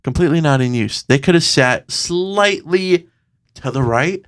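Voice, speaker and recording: A man's voice: fairly high pitch, expressive, measured pace, a bit bright, clean tone. A man co-hosting a podcast, telling a story in casual chat, swearing a lot and acting out the voices of the people in it. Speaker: podcast co-host.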